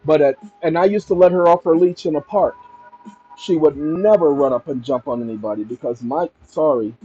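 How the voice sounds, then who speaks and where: A man's voice: mid-range voice, dark tone, muffled recording. A man hosting a commentary channel, reading a news story aloud and reacting to it emphatically while speaking straight to his viewers. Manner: emphatic, addresses viewers directly.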